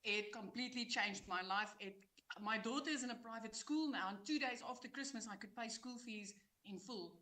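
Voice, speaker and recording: A woman's voice: fairly high pitch, moderate pace, few pauses, bright, forceful tone. A South African woman giving an earnest, emotional testimonial on a webinar. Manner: earnest, heartfelt, emphatic. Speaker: coaching client giving a testimonial.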